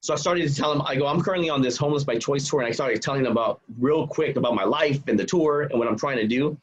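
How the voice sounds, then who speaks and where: A man guest on a podcast, telling a personal story in an animated way and acting out the voices of the people in it. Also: medium pitch, quick pace, breathy edge, dull audio. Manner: acts out quoted voices.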